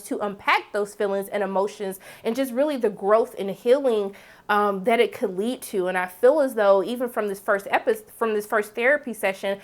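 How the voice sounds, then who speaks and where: A young woman talks through a TV episode in a casual, chatty recap. Her voice sits a little high, and she keeps breaking into lively, animated asides. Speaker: TV recap reviewer. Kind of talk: casual spoken TV review.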